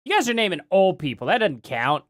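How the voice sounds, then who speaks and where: A man's voice: sits high, sing-song, fairly quick, a bit bright. A man live streaming casual commentary, rambling with lots of fillers and chuckles.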